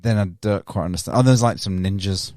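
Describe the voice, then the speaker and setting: A man's voice: fairly low pitch, brisk, darkish tone, no room sound, studio quality. A man co-hosting a casual podcast chat, rambling, correcting himself and laughing often. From Yorkshire, England. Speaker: podcast co-host.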